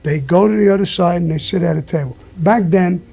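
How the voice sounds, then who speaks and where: This interview guest has a high, creaky voice with a dark, slightly rough tone, and he talks fairly quickly. He spins profane stories bluntly and emphatically, cursing a lot and breaking into the occasional laugh partway through.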